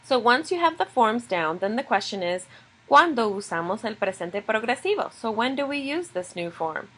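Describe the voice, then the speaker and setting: A woman's voice: a little high, sing-song, normal speed, fairly bright tone, breathy edge, rough recording. A woman teaching a recorded video lesson, explaining grammar step by step in a patient way. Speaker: Spanish teacher.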